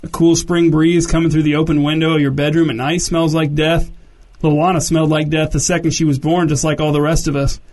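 A brooding, jealous young man talks low and insistently, leaning on "dude", as a male narrator puts him on. The delivery stays flat and even, with a fairly high male pitch. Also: a little fast, lightly acted. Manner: low, pushy, repeating "dude".

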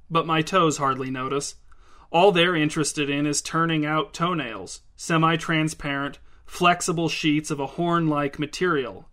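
A man reading literary short stories aloud in a measured, deliberate way. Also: fairly high pitch, sharp tone. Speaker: reader.

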